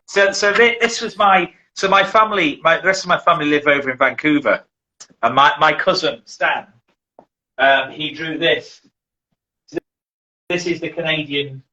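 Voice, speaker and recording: A man's voice: on the high side, moderate pace, pauses often, pushed and bright, low-quality recording. A middle-aged man from England, a survival instructor chatting casually as an interview guest, who rambles and restarts his sentences often.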